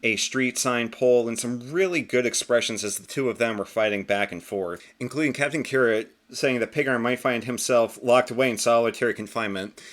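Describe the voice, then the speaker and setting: A man's voice: medium pitch, fairly quick, hardly any pauses. A man in a chatty, casual comic-book review, often correcting himself as he talks. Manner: chatty, self-correcting, lively intonation.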